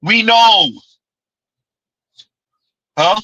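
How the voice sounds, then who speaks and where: A man's voice: high-pitched, very slow, pushed and bright, no echo, dull audio. A man hosting a commentary livestream, talking emphatically and repeating himself, sometimes calling himself by name in the third person. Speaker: livestream host.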